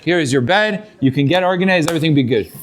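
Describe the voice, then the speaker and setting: Man doing a gentle old rabbi, calm and reassuring, kinda high voice. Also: fast, lightly acted. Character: humble elderly rabbi, kind and helpful.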